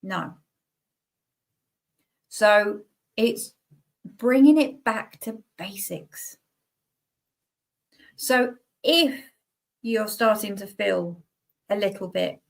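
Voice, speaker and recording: A woman's voice: medium pitch, drawn-out words, creaky, long pauses. A middle-aged woman, a guest healer giving casual, chatty advice and laughing at herself.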